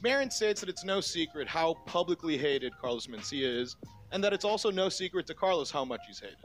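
A man narrating a comedy history video in a measured, explanatory way. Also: a little high, big pitch swings, soft background music. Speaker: comedy commentary YouTuber. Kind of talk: scripted reaction narration.

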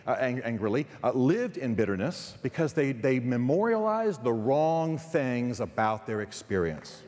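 Storytelling man preaching in a big hall. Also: medium pitch. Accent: Texan. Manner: storytelling, animated, quick asides and restarts. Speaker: guest speaker. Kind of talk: chapel sermon. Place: large hall. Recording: long hall reverb.

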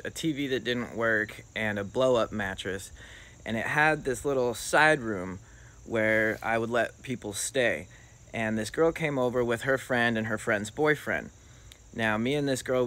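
A young man casually telling a personal story in a loose, profane, animated way. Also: fairly low pitch.

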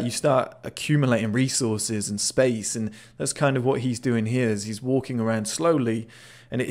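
A man's voice: medium pitch, darkish tone. Chatty man breaking down a clip. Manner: chatty, swears, repeats words when restarting. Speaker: body language analyst. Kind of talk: casual video commentary.

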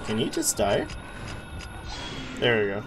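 A man's voice: on the low side, huge pitch swings, slow, over music. A man streaming a horror game, chatting casually with viewers, yelping at scares and cursing. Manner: jumpy, yelps and laughs, swears, chats with viewers. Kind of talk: casual live-stream commentary.

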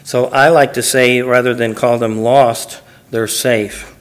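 Speaking slowly with a flat delivery and a mid-range voice, this man works through a Bible passage at church. Verse by verse he reads aloud, unpacking each phrase in simple, everyday language.

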